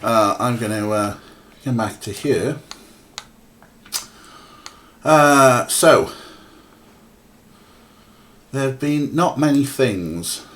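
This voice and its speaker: A man's voice: medium pitch, lively intonation, extremely slow, long pauses, fairly bright tone. A man streaming a point-and-click game, talking casually and rambling with many fillers while chatting to viewers and his cats. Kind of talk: casual let's-play commentary.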